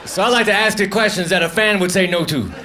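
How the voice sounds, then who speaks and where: A man doing a stand-up comedy set on a club stage, delivering deadpan, offhand one-liners into a handheld mic. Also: fast. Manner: deadpan, offhand one-liners, drifts into low muttered asides. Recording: live club recording with audience noise. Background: audience laughter.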